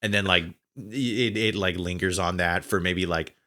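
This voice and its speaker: A podcast host with a deep, low voice. He rambles through his questions and thoughts and fills them with filler words. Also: unhurried, sharp tone. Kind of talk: casual podcast chat.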